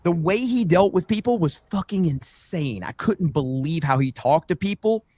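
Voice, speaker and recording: A man's voice: sits high, animated, normal speed, mellow. A man from Florida co-hosting a casual stream, telling a story in a rambling, profane way with plenty of fillers. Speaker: stream co-host.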